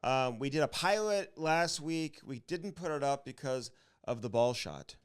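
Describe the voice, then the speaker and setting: A man's voice: medium pitch, lively intonation, measured pace, smooth. A man co-hosting a podcast, laughing along and defending himself good-naturedly in casual banter. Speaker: podcast co-host.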